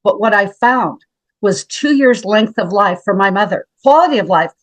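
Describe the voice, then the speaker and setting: A woman's voice: medium pitch, expressive, moderate pace, dry recording, low-quality recording. A woman in her seventies from Montana, a health practitioner telling her story as an interview guest, dramatic and emphatic, often calling the host by name. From Montana, USA.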